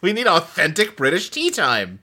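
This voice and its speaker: A man's voice: on the high side, wildly swooping pitch, normal speed, bright, forceful tone. A man co-hosting a casual podcast chat, laughing often and slipping into mock British accents. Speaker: podcast co-host.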